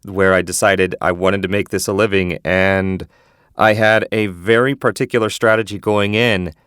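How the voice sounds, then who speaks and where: A man's voice: low-pitched, flat delivery, normal speed, a bit bright, smooth, no room sound, studio quality. A man from Cincinnati, an audiobook narrator, speaking enthusiastically as a podcast guest. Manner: upbeat, enthusiastic. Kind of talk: podcast interview.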